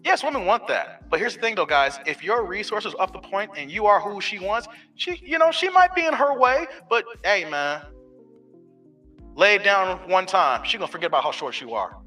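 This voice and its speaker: Lively guy in his 40s rambling on his live stream, high-ish bright voice, kinda far from the mic w/ faint music. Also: normal speed. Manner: loose storytelling, street slang, swearing. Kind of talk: casual live stream chat.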